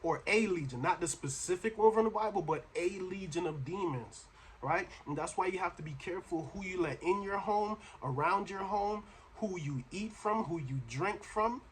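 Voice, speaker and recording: A man's voice: a little high, slight background noise. Slangy, preachy male reaction host. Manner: preachy, slangy, addresses listener as bro. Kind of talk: casual commentary.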